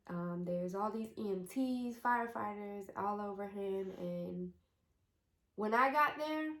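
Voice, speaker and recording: A young woman vlogger telling a personal story to the camera, emotional and halting, with many pauses. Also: medium pitch. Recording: echoey room.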